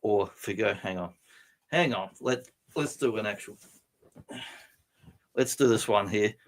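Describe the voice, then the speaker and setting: A man's voice: lowish voice, a little slow. A man from New Zealand hosting a casual livestream chat, rambling, chatty, laughing often and swearing freely. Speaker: livestream host.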